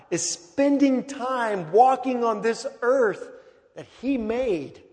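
A man preaching a sermon as pastor, emphatic and swinging between loud calls and hushed passages. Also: high voice. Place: large church sanctuary. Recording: long reverb of a large church.

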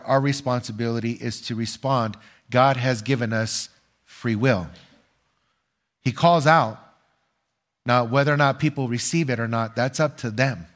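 An older man preaching a sermon as pastor, earnest and measured, asking his listeners rhetorical questions and pausing for answers. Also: mid-range voice.

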